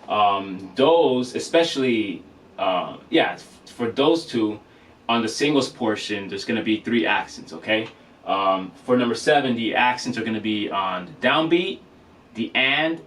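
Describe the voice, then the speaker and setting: A man explains drum rudiments in a relaxed, unscripted manner, often correcting himself and saying sorry. His voice sits in a middle range and is picked up from a little distance, with a faint noise underneath. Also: mid-range voice. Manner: casual, with many fillers and self-corrections, apologetic. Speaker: drum teacher. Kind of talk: casual instructional demonstration.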